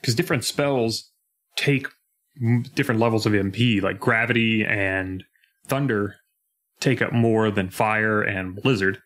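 Lowish young man chatting on a podcast. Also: measured pace. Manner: animated, breaks into mock voices when retelling scenes. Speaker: podcast co-host. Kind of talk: casual chat.

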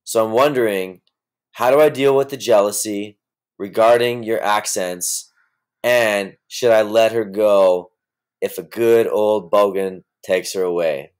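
A man's voice: lowish voice, steady tone, measured pace, darkish tone, smooth. A Canadian man leaving a casual recorded voicemail question for a podcast. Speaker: caller.

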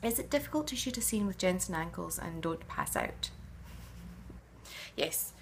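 A woman's voice: fairly low pitch, expressive, brisk, gravelly, a little hiss or hum. A middle-aged woman, an actress answering fan questions in a casual, chatty way, musing and often hesitating.

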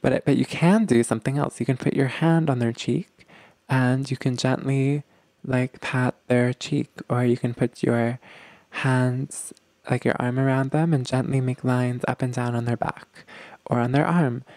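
Gravelly-voiced man giving relationship advice. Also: mid-range voice, fairly even intonation, measured pace, no room sound. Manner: gentle, explanatory, often checks in with "okay?". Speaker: relationship coach.

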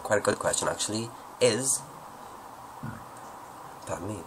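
A man's voice: lowish voice, measured pace, noisy background. A man answering viewer questions at home in a rambling, joking, self-deprecating way. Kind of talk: casual Q&A monologue.

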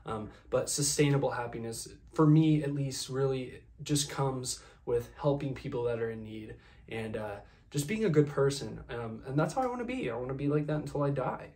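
A man playing a generous young male video star as a podcast guest in a comedy sketch, talking in a relaxed, halting way full of fillers. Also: mid-range voice, close to an everyday voice. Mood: earnest. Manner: laid-back, hesitant, many fillers.

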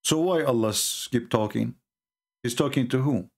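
A man's voice: medium pitch, moderate pace, creaky. A man hosting a livestream, talking in a scornful, mocking way in non-native English grammar. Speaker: livestream host. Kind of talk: mocking religious debate talk.

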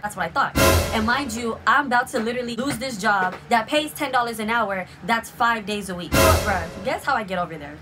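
Excitable fast-talking young woman. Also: on the high side, over music. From South Florida. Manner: excitable, slangy, gushing storytelling. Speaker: vlogger. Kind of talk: storytime vlog.

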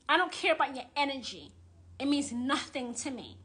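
A woman's voice: high voice, lively intonation, normal speed, sharp tone. A woman who works as a witch and tarot reader, ranting on a livestream in a blunt, profane, indignant way and repeating phrases for emphasis. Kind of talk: live-streamed rant.

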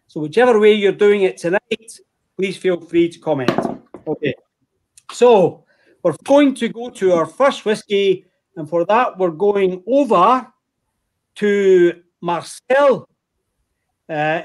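A Scottish man with a Glasgow accent, hosting an online whisky tasting in a chatty, joking way. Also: sits high. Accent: Glaswegian. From Scotland. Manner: chatty, jokey, addresses the audience as folks. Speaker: host.

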